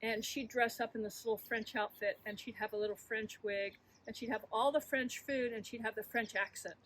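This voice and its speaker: A woman who was once a secretary, a guest in a casual chat, telling old stories in a lively way and laughing often. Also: a little high, fairly quick, poor audio.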